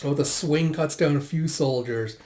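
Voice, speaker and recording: Somewhat high-pitched and a little mellow, this male host speaks at normal speed in a reverberant room while casually reading a manga aloud. He narrates each scene, delivers every line of dialogue in a raised voice, fills his speech with fillers, and hiccups occasionally.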